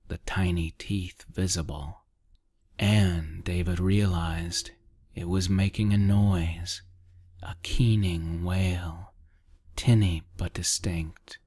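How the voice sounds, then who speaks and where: Man, ASMR story reading, half-whispered, very deep voice, slow, dry close mic. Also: no echo. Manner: quiet, half-whispered, measured. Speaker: narrator.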